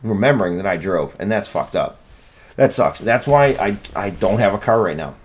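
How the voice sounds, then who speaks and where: A man's voice: on the low side, expressive, moderate pace, breathy edge. A man hosting a solo podcast, rambling and swearing in a self-deprecating, casual way. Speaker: podcast host.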